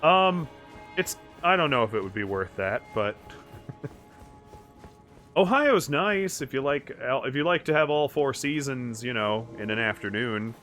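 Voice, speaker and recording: A man gives loud, profane live commentary on a co-op game, swinging from chatting with viewers to shouting at the boss. His voice sits at an ordinary middle pitch. Game music plays under him the whole time. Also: unhurried. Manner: excitable, profane, yells at the boss. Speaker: streamer playing co-op.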